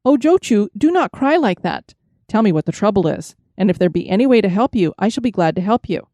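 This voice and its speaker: A woman voicing a gentle pleading kind man. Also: expressive, a little fast, no room sound, clean studio sound, natural voice. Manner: pleading, raised pitch.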